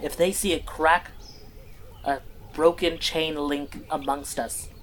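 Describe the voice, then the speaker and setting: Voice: medium pitch, steady tone, slow pace, fairly bright tone, a little hiss or hum. A game master voicing an earnest noble woman who urges her companions toward unity. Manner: pleading, rallying speech.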